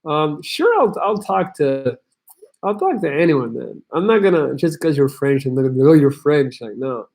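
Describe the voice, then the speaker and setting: A young man with a fairly high-pitched voice hosts a livestream advice show. He reads viewers' messages aloud and answers in a blunt, crude, tough-love way throughout. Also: big pitch swings, normal speed, gravelly, darkish tone. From Belgium. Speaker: host.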